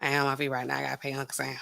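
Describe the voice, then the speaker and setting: A woman's voice: a bass voice, rapid-fire, vocal fry. A woman hosting a livestream, chatting casually and talking straight to her viewers. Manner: chatty and animated, talks straight to her chat. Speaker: livestream host.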